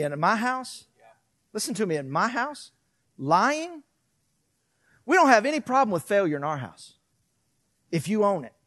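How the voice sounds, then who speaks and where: A middle-aged man preaching a sermon, animated, swinging from loud to hushed and acting out quotes. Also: sits high, no echo, studio quality. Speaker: pastor.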